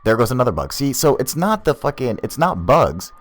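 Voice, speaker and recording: A man giving casual, profane, excitable commentary on video clips as the host. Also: mid-range voice, brisk.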